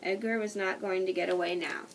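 Here a storybook reader works slowly and carefully through a children's book, her mid-pitched voice steady and gravelly. Frequent stumbles force her to restart words, and the recording puts her far from the mic with a faint hiss underneath.

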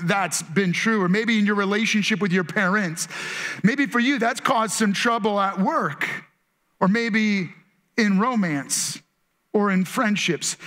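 Male pastor, thirties, very high bright voice, chatty sermon delivery with acted-out quotes. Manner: conversational, acts out quotes in changing voices.

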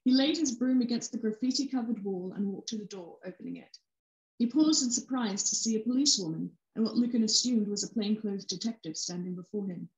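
Woman reading her novel aloud, echoey. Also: medium pitch. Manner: steady, expressive read-aloud narration. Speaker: author reading her book. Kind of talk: book reading narration. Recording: roomy echo.

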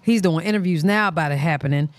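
A woman's voice: on the low side, fast talker, dry recording. Blunt woman hosting a reaction channel. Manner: blunt, opinionated. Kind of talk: casual commentary.

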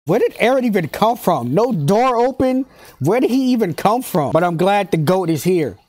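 A man hosting an anime reaction video, talking in excited, slangy casual commentary, laughing often and repeating himself. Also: high voice, normal speed, no room sound. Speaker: anime reaction channel host.

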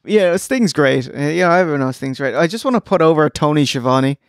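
Irish guy, slightly high voice, joking around, wiped out at 4am, dry mic. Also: animated, a little fast, no room sound. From Ireland. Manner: joking, enthusiastic. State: tired, up in the early hours. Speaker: podcast co-host. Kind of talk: casual late-night wrestling chat.

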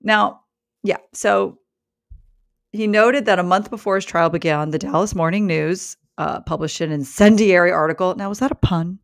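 Podcast co-host, wry jokes, quick comebacks, reads news items aloud, mid pitch, dry close recording. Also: gravelly, dry recording. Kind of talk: casual chat, reading news items aloud.

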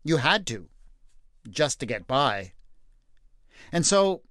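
Man, unhurried pace, dry close sound, deliberate scripture reading and Bible talk. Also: on the high side, big pitch swings, a bit bright, no echo. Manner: measured, deliberate delivery. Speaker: podcast host.

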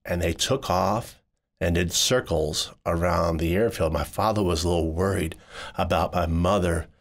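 A man narrating a personal story in the first person, voicing it expressively and jumping higher when he quotes people. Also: normal speed. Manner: expressive, jumps high when quoting people.

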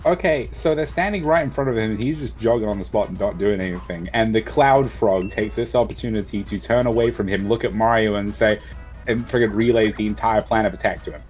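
A man's voice: on the low side, fairly quick, a little mellow, soft background music. A man joining a friend's game stream, teasing and sarcastic in casual banter, swearing a lot. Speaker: friend watching a gaming stream.

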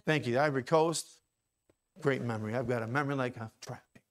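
A man preaching a sermon in a church, rising to loud, repeated calls and dropping to low, quick, conversational asides. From Ohio. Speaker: pastor. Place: church sanctuary.

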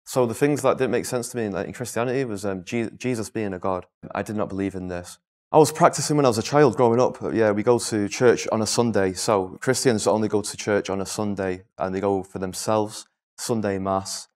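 A young man from northwest England, telling his life story as an interview guest in a candid, halting way. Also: lowish voice, a little mellow. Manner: candid, repetitive, halting restarts. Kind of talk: personal testimony interview.

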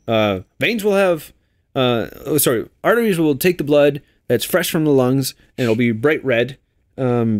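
Animated young man doing game commentary. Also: medium pitch. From Canada. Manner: animated, jokey, does silly voices. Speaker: let's play co-host. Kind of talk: casual gaming commentary.

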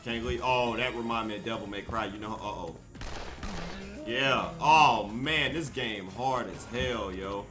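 A man giving casual gameplay commentary, loud, profane and excitable, joking with his viewers. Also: medium pitch, a little slow. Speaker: gaming streamer. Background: game music.

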